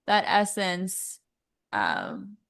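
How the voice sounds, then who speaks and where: A woman singer as an interview guest, talking thoughtfully with many pauses and fillers. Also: fairly low pitch, wildly swooping pitch, gravelly, fairly bright tone. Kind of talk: casual interview chat.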